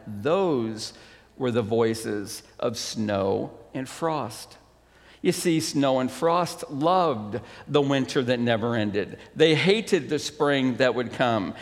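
A man preaching a sermon as a pastor, then reading a story aloud with expressive, unhurried storytelling. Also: creaky, big-room sound. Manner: unhurried, expressive storytelling with wide pitch swings.

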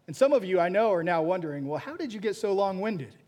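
A pastor preaching a sermon, telling a story with frequent restarts and repeated words. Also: male voice, high voice, sing-song, fast, a little mellow.

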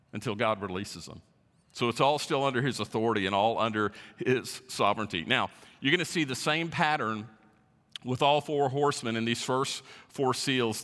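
Pastor, male, bright forceful delivery, verse-by-verse sermon in a reverberant church hall. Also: mid-range voice. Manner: teaching verse by verse, stressing key words. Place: church sanctuary.

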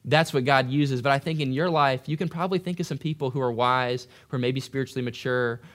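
A young man preaching a conversational sermon, animated and acting out quoted voices. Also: medium pitch, quick pace. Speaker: pastor.

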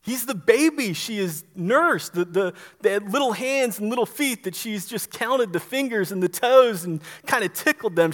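A pastor with a notably high voice preaches in earnest. He leans into his points and often trips into quick restarts, doubling words as he pushes ahead. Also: fairly bright tone. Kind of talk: sermon.

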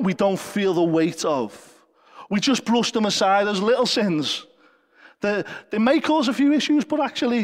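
A man preaches a sermon in a high, bright-pitched voice, earnest and conversational with occasional gentle jokes. His words ring out with a long church-hall reverb. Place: church service.

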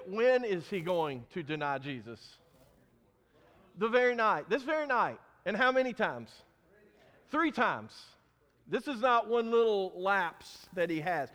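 High-voiced man preaching in an echoing hall. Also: a bit bright. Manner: emphatic, asks the congregation questions. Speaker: pastor. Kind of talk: sermon.

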